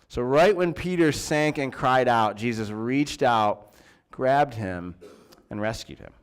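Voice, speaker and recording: Male pastor, church sermon, casual preaching, ordinary pitch. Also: expressive, slow pace, clear, resonant tone. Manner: conversational preaching with fillers and restarts.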